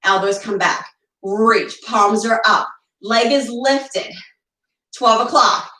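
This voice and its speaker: A slightly high, bright and forceful female voice leads a barre session in a home room at a slow pace. Short of breath, she counts reps, cheers her class on and chats between sets. The rough recording is roomy and taken far from the mic.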